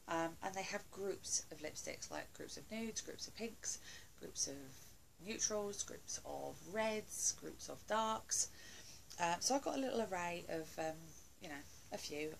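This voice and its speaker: A woman's voice: lowish voice, gravelly, slight background noise, poor audio. A woman doing a casual beauty haul video at home, chatty and gushing, with lots of fillers and asides. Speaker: beauty vlogger.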